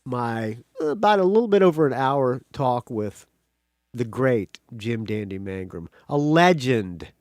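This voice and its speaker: A man hosting a rock podcast, talking in a rambling, excitable way with a slight country accent and swearing freely. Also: medium pitch, a little slow, dry recording, studio quality. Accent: slight American country accent. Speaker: podcast host. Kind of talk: casual solo intro.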